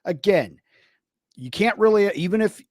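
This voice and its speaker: A man's voice: high-pitched, lively intonation, moderate pace, a little mellow, no echo, studio quality. A man co-hosting a podcast, explaining his reasoning in a rambling way. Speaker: podcast co-host. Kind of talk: casual commentary chat.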